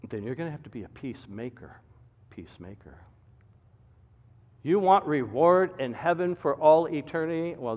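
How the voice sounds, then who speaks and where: A male pastor preaches with a high, animated voice that leaps from emphatic shouts to hushed asides. He presses the congregation with question after rhetorical question. The sound is dull and lo-fi, carried on a long church reverb. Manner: dynamic preaching, swinging between loud emphatic climbs and low quiet drops. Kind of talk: sermon. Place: church sanctuary.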